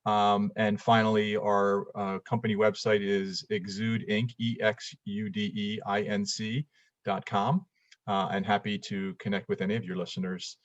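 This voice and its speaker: A man speaking as a guest in an interview, talking in an unhurried, halting way with frequent ums over a video call. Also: on the low side, flat delivery, no room sound, highs cut off. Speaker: guest, business executive and author.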